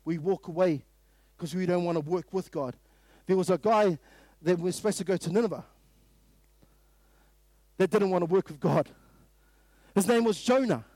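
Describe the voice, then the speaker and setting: High-voiced New Zealand man preaching. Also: dry recording. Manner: emphatic, preaches in repeated rhetorical questions, rises to sudden loud bursts. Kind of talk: sermon at a morning prayer meeting.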